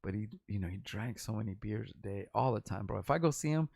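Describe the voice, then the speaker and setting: A man's voice: on the low side, animated, fast talker, creaky, darkish tone, no room sound, clean studio sound. A man in his forties from Los Angeles, a rapper talking in a rambling, profane and candid vlog monologue.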